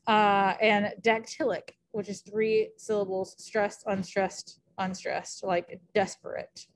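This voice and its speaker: A woman's voice: medium pitch, level tone, takes it slowly. A woman teacher giving a casual recorded lecture, chatty and thinking aloud with many fillers.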